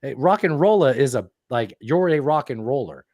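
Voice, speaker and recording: A man's voice: medium pitch, expressive, normal speed, a little mellow, no room sound, lo-fi sound. A man co-hosting a podcast in casual chat, rambling and swearing freely, often losing track of names. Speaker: podcast co-host.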